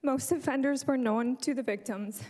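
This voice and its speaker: Public delegate, woman, high voice, earnest prepared statement, self-correcting, in a reverberant chamber. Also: normal speed, a little mellow. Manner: earnest, apologizes and corrects herself mid-sentence. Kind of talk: reading a prepared statement to council. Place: council chamber lectern.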